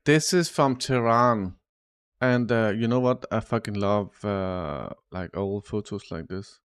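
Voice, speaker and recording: A man's voice: lowish voice, slow, clear, resonant tone, no echo. Casual streamer man, dry close sound. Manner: loose, swearing, says "dude" often. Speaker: live streamer reacting to news. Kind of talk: casual chat.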